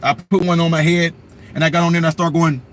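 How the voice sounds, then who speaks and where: High-pitched male streamer, sarcastic and rambling, with slight room noise. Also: fast. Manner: animated, sarcastic, rambling, slangy. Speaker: commentary channel host. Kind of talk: livestream commentary.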